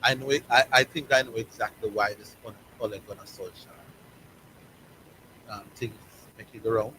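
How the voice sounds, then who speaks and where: A man's voice: on the low side, fairly even intonation, normal speed, bright, forceful tone, slight background noise, poor audio. A man with a Jamaican accent hosting a sports talk show, giving emphatic opinions and repeating key words for stress.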